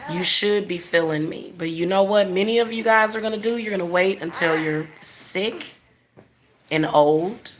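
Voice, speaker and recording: A woman's voice: on the low side, moderate pace, a little hiss or hum. A woman hosting a casual livestream as a spiritual reader, talking straight to her viewers in an emphatic, repetitive way and chuckling often.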